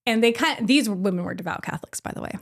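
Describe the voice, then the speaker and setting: Brief: woman, 30s, medium pitch, lively storyteller who laughs and mimics the people she quotes. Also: quick pace, gravelly. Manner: animated, laughing, acts out quoted voices. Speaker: podcast guest. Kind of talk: casual storytelling.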